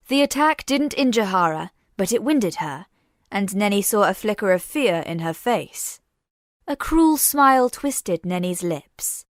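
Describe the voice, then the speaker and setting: A woman narrating a sci-fi story in a measured, dramatic reading. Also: mid-range voice, a bit bright, dry recording, studio quality. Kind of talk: scripted audiobook narration.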